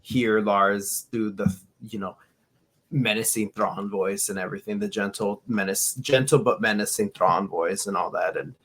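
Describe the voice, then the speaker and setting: Lowish man telling fan stories. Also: normal speed, slightly rough. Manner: animated storytelling with restarts. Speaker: podcast co-host. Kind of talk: casual podcast chat.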